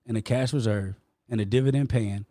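A man's voice: mid-range voice, dark tone, no echo. A man hosting a podcast, debating insurance with passion and insisting on his point. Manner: passionate, insistent, explaining rapidly. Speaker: podcast host, insurance promoter. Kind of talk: heated debate.

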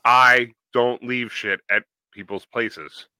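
A young man on a podcast, firing off blunt, deadpan answers in casual chat. His voice is very bright and sharp, recorded close and dry with no room sound, and he sits at an ordinary pitch. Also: slow, clean tone, no echo. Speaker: podcast co-host.

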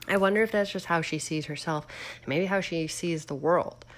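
A woman's voice: fairly low pitch, moderate pace. Rambling, musing woman chatting casually. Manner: musing, rambling, full of fillers; asks the audience questions. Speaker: host. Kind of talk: casual chat.

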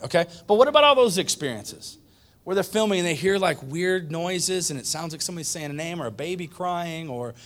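A male pastor preaching a conversational sermon, repeating points for emphasis. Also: a little high. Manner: conversational, emphatic repetition, animated.

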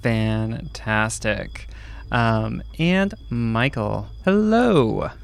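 A man's voice: medium pitch, expressive, very slow, gravelly. A man introducing the cast as game master, hesitant with many ums and uhs. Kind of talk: casual actual-play intro.

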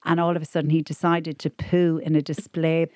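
Lively Irish woman telling funny stories. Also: deep voice, fairly quick, no room sound, studio quality. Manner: animated storyteller, acts out quotes. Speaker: podcast co-host. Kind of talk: casual comedy podcast chat.

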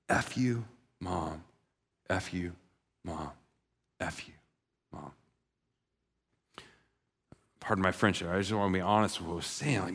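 A pastor with a mid-range, slightly bright voice preaches a sermon, telling a story and acting out its characters' voices. The recording carries the long reverb of a large hall.

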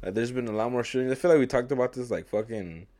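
A young man co-hosting a casual podcast rambles and swears constantly, laughing often and acting out quotes. He talks fast in a warm, mid-range voice.

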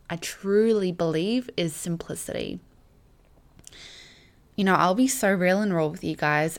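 A young woman hosting her own podcast, chatting in a warm, gushing and heartfelt way, full of casual fillers. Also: on the low side. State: emotional, near tears at times. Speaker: podcast host. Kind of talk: casual solo podcast chat.

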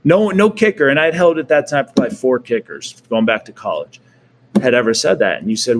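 A man's voice: mid-range voice, animated, brisk, slight background noise. A man in his forties, a guest and former pro quarterback, telling stories casually and often laughing. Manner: laughs often, acts out quoted people. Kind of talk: casual storytelling.

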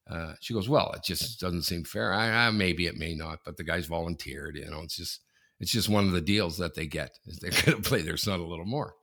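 A man in his forties with a low-pitched yet bright, forceful voice, chatting on a casual sports podcast. He tells long, rambling stories full of restarts and gets loud and worked up as they build. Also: fairly quick, gravelly. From Canada. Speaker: podcast co-host. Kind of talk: casual sports talk, storytelling.

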